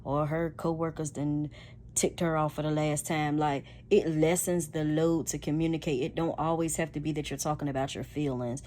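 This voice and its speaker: A woman giving relationship advice in a casual monologue, talking loudly and emphatically. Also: low-pitched, level tone, moderate pace, a little hiss or hum. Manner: loud, emphatic, preachy.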